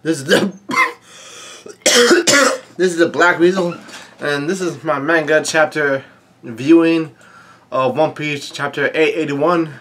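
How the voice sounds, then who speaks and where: A man's voice: a little high, fairly bright tone, slight background noise. Coughing man recapping a manga chapter. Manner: halting, stumbles and restarts often. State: bad cough. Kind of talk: casual read-through commentary.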